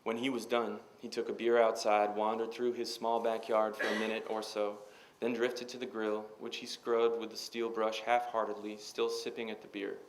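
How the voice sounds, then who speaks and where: A man reading his own fiction aloud at a university reading, in a measured, even manner. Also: lowish voice, a little hiss or hum, low-quality recording. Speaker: author.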